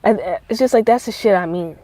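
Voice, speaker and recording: A woman rambles through a profane, animated story in a casual vlog. Her voice is warm and mellow, and the recording is dry and close. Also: medium pitch, fast talker, dry recording, rough recording. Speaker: vlogger.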